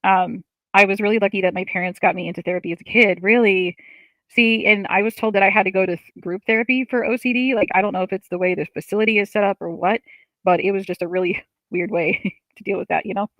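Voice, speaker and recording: This woman talks fast in a medium pitch with fairly even intonation, recorded roughly but without echo. She's a livestream host sitting at home, reading out viewer comments and replying chattily and openly, full of fillers and frequent laughter.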